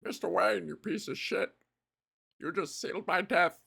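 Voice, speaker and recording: A woman's voice: lowish voice, normal speed, gravelly, a bit bright, slightly rough, full character voice. A woman voicing a melodramatic, swearing man who is dying after his breathing pipe broke. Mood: dramatic despair. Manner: theatrical, swearing, wailing.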